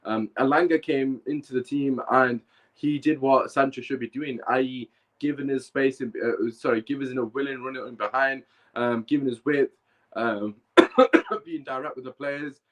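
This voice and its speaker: On a rough recording, a man hosting a live fan podcast speaks at normal speed with a mid-range voice and fairly even intonation. He rants emphatically and heatedly, repeats himself, and has a bad cough.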